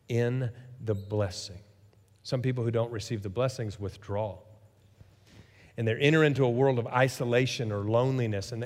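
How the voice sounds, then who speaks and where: A man preaching a sermon, telling a story with lively acted-out quotes. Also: mid-range voice, big-room sound. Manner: animated storytelling, acts out quoted voices. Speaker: pastor.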